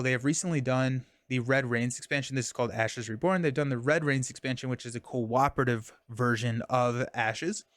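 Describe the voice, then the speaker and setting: A young man with a fairly bright, higher-pitched voice casually streams a card game, with no echo on the recording. He talks through his moves and chats with viewers, reading the chat and thanking people mid-game.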